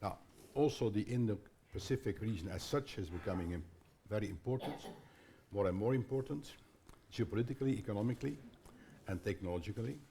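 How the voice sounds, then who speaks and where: An older man chairs a conference panel in a lowish voice, stopping often with fillers and restarts. A faint hiss of noise sits under his speech. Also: lively intonation, dark tone. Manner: halting, many fillers and restarts. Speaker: panel moderator. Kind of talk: hesitant conference panel moderation.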